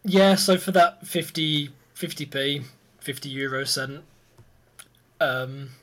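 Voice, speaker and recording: A man hosting a history podcast, relaxed and quick to laugh as he walks through his points. His voice sits a little high for a man. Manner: easygoing, laughs often, explains step by step. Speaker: podcast host presenting history. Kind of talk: casual chat and history explanation.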